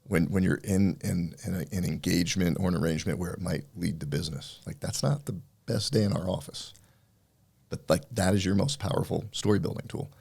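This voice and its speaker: A man's voice: low voice, fairly even intonation, brisk, creaky, darkish tone, breathy edge. A middle-aged man, a business owner, telling a story in a casual interview and acting out the voices of the people in it. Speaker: guest, entrepreneur.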